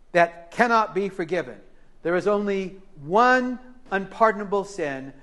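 Middle-aged male pastor, high-ish voice, dramatic sermon delivery with hushed asides. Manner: impassioned, swings from loud to hushed; acts out quoted voices. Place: church service.

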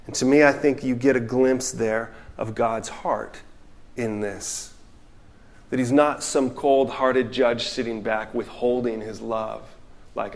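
Male preacher, mid-pitched voice, earnest and reflective delivery with quiet asides. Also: steady tone, a little slow. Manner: earnest, reflective, reads quotes aloud, drops to soft asides. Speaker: pastor. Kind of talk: sermon.

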